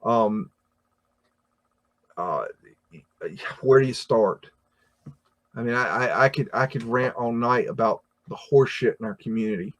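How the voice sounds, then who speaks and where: A man's voice: medium pitch, unhurried, pauses often, a bit bright. An American man hosting a casual livestream, talking through chat comments in a rambling way, with many fillers and restarts. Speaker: livestream host reading chat.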